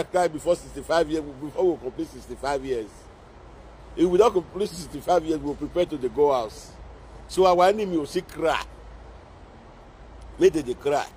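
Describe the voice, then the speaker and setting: A man's voice: a little high, a little mellow, a little hiss or hum. A man speaking Nigerian Pidgin English, scolding and mocking in a repetitive social media rant. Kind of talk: scolding live-video rant.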